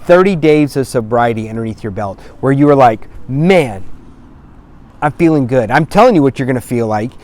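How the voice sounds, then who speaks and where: A man's voice: mid-range voice, animated, normal speed, a little mellow. Male sobriety coach, plain mid voice, emphatic and profane, motivational talk to camera. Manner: blunt, emphatic, swears for emphasis. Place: outdoors on a cloudy day.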